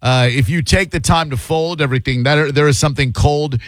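A man's voice: fairly high pitch, brisk, dry recording. A man hosting a call-in radio show, wry and opinionated, holding forth at length.

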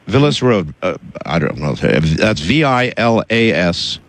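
A man hosting a call-in radio show, cutting in and pressing his caller in a halting, insistent way. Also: lowish voice, big pitch swings, no room sound. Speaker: radio host.

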